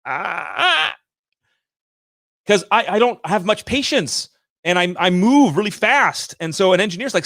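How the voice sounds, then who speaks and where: A man in his thirties hosting a livestream, giving an energetic, emphatic motivational rant on sales and talking straight to his viewers. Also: sits high, unhurried, dry recording, studio quality. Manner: energetic, emphatic and ranting, addresses viewers directly. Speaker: livestream host and sales coach.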